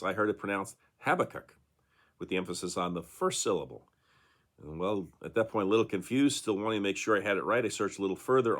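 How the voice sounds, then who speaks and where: A man's voice: sits low, fairly bright tone. A male pastor giving a conversational daily devotional talk, with frequent fillers and tag questions.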